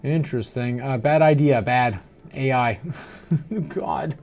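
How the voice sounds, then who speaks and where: A man's voice: mid-range voice, takes it slowly, vocal fry, darkish tone. A man hosting a livestream who sounds a little tipsy and slightly slurred, chatting loosely with lots of "uh" fillers and frequent laughter. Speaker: crypto livestream host. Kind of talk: casual livestream chat reading viewer comments.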